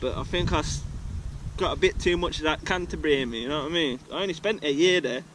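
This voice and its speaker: A man's voice: fairly high pitch, fast talker, background noise. A man talking to camera outdoors, rambling in a casual, slangy, heavily sweary way. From England. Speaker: vlogger. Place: outdoors at a regular filming spot.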